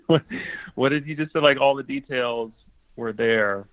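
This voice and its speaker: A man's voice: mid-range voice, unhurried, dry recording. A man guest sharing a personal story on a podcast in an earnest, thoughtful way. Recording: dry tinny phone-like sound.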